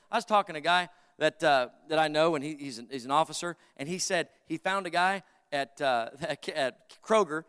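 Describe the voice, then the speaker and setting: A middle-aged man preaches to his congregation, keeping it loose with jokes and homespun stories. His voice sits high and bright. It carries a long reverb from the church sanctuary. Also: smooth. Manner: folksy, joking storyteller addressing the congregation. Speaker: pastor. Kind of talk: sermon.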